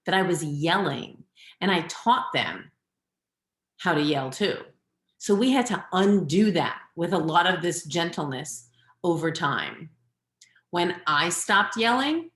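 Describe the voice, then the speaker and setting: A middle-aged parenting coach gives earnest, direct advice and instructions during a webinar over a video call. She has a low voice with a fairly bright tone, recorded in an echoey room.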